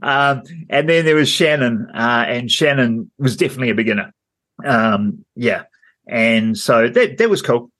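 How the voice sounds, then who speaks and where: A man in casual podcast chat, rambling through a story with plenty of ums and bursts of laughter. His voice sits at an everyday middle pitch. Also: animated, moderate pace, a bit bright. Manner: rambling storyteller, laughs often, many fillers. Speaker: podcast co-host.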